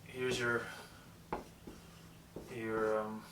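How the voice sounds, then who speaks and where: A young man giving a casual, profane, rambling lesson on vocal technique, breaking into loud demonstrations. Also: on the low side, flat delivery, drawn-out words, noisy background. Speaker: vocal coach.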